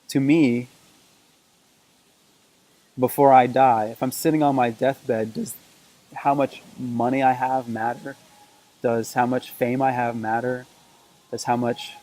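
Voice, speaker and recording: A man talks earnestly to a camera set on a table, musing about what matters. His voice is dark and warm, and he keeps it level with little rise and fall. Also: mid-range voice, low-quality recording. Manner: earnest and reflective, repeats phrases for emphasis. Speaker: vlogger. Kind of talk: reflective talk to camera. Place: indoors, camera propped on a table. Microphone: camera mic on a table.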